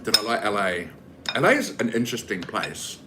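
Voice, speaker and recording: His voice low and very animated, a man with a New Zealand accent talks fairly quickly as he cooks for his vlog. The chat is casual and rambling, packed with fillers, with background noise behind him.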